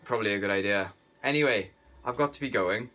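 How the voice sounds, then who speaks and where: A nosy, know-it-all South Welsh woman gossips in a lilting, sing-song way, put on by a woman in a lower voice. Her tone is bright and forward, and she drops local slang freely. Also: quick pace. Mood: gossipy.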